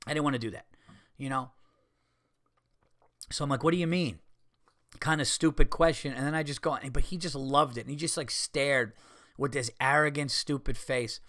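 A man's voice: mid-range voice, steady tone, normal speed, pauses often, pushed and bright, no room sound, studio quality. A man hosting a podcast, telling a story casually and animatedly, swearing, acting out what people said and making sound effects. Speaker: podcast host and comedian.

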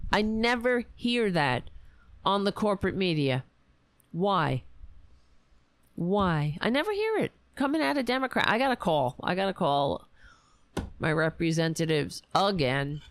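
A woman hosting a ranting political commentary show, sarcastic and exasperated, and her voice is going hoarse. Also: medium pitch, no echo. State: losing her voice.

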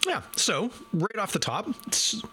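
A man's voice: sits high, sing-song, unhurried, pushed and bright, soft background music. A man reviewing a beer live from his desk in a casual, self-deprecating way, talking straight to his viewers. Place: home desk. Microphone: desk microphone.

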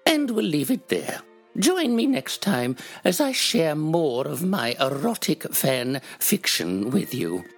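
A performer doing an impression of an elderly grand dame, reading her own fiction slowly and primly. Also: medium pitch, very animated, husky, faint music behind, exaggerated voice.

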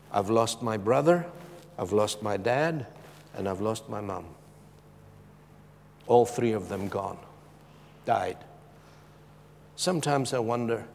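A middle-aged man preaching a sermon with a personal testimony, emphatic and moving between loud urgency and hushed tones. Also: lowish voice, creaky, a little hiss or hum. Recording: long reverb of a large hall.

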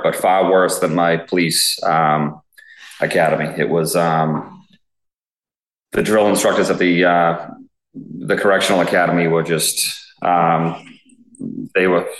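A man's voice: low-pitched, fairly bright tone, echoey room, low-quality recording. A man, a police officer in his thirties, telling stories in a casual interview, rambling with lots of fillers and swearing. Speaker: police officer, SWAT guest.

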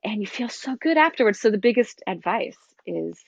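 In a medium-pitched voice that's gravelly and slightly rough, a middle-aged breathwork teacher from the U.S. speaks briskly and animatedly as a candid interview guest, often restarting. The dry, lo-fi recording sounds dull.

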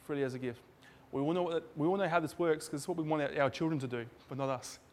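A man preaching with a slightly high voice, chatty and informal, slipping into quick acted-out voices for the people in his examples. His words ring out with a long reverb, as in a big church hall. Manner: conversational, acts out dialogue with shifting voices. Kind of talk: sermon.

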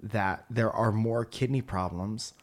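A man's voice: on the low side, fairly even intonation, slow. A man in casual chat who keeps making dry, wisecracking asides.

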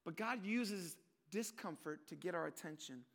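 A man with a very high voice preaches a sermon. He talks casually, as if in conversation, and often quotes prayers aloud. He swings between loud, emphatic peaks and low, hushed asides. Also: lively intonation, moderate pace, gravelly. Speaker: pastor.

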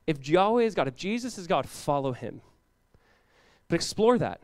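High-voiced animated young male pastor. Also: moderate pace, no echo. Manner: casual, animated preaching with frequent "like" and laughs. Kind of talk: sermon.

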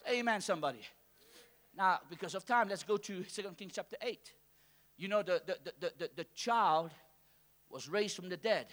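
Male pastor, high bright voice, dynamic call-and-response preaching. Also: moderate pace. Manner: call-and-response preaching, swings from soft to shouting. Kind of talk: sermon. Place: church hall with congregation.

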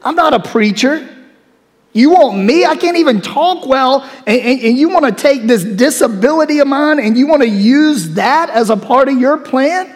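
A preacher putting on a whiny, stammering Moses. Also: male voice, very high voice, animated, normal speed, pitched above the performer's own voice. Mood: pleading. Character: Moses as a reluctant, pleading man full of excuses. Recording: long hall reverb.

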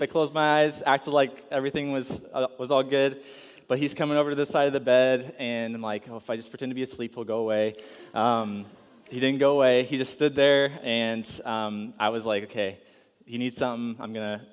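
A man in his thirties preaching a casual, enthusiastic sermon, telling a personal family story with many fillers. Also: medium pitch. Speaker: pastor. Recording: long hall reverb.

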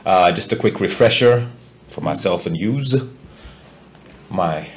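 A man hosting a casual podcast chat, halting often with fillers and restarts as he gathers his thoughts. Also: low-pitched, animated. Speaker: podcast host.

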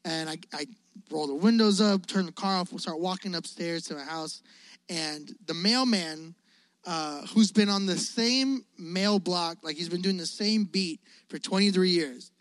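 A man preaching a casual, energetic youth sermon, telling stories and asking his listeners questions. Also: sits high, unhurried, dry recording. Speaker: youth pastor.

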